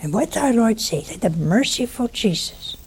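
A woman's voice: on the high side, normal speed, breathy edge. A woman preaching a sermon, teasing her listeners and acting out the people in her stories. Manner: teasing, animated storytelling with quoted voices. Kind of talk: sermon with storytelling.

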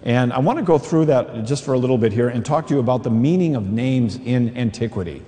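Male preacher, mellow tone, lively storytelling, echoing large hall. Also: mid-range voice, fairly quick. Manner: animated storytelling, acts out voices. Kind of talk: sermon with personal story.

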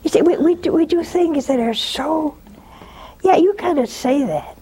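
An older woman hosting a religious call-in show, talking in an animated, scolding way with mocking asides. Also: moderate pace. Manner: animated, scolding and mocking with sudden pitch jumps.

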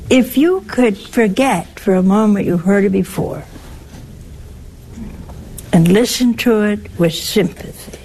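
Woman preacher, mid pitch, drawn-out delivery, wry and emphatic; faint hiss behind. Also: animated, mellow, low-quality recording. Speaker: religious speaker. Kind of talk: spiritual teaching talk.

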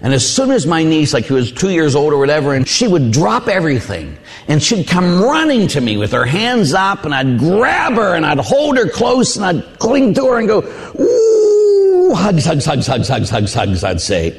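A male priest giving a sermon with personal stories, an animated storyteller who acts out voices. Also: fairly high pitch, moderate pace, few pauses. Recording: long hall reverb.

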